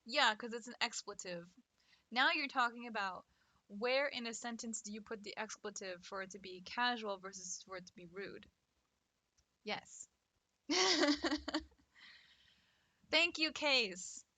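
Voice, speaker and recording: A woman's voice: on the high side, unhurried, pauses often, bright, forceful tone, no echo. A woman chatting casually with her stream chat while drawing. She laughs often and talks with lots of fillers. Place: home setup at a computer.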